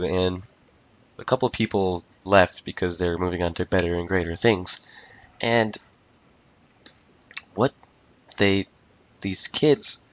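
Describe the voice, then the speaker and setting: A teenage guy hosting his own solo podcast, talking straight into a microphone with a fairly low voice. He rants in an exasperated, casual way, swears freely and keeps calling everything ridiculous. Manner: repeats "I tell you what" and "ridiculous". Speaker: podcast host.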